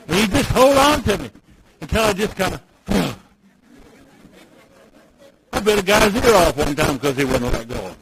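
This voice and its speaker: A man giving a personal storytelling speech at a recovery meeting, dropping to near-whispers and then building loud. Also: high voice, big pitch swings, normal speed, long pauses, background noise. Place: meeting room with audience.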